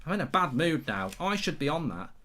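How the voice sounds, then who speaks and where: A man's voice: on the high side, sing-song, a little fast, sharp tone, slight background noise. A man hosting a football watchalong live stream, rambling and sarcastic, with bursts of swearing and singing along. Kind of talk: casual live-stream chat.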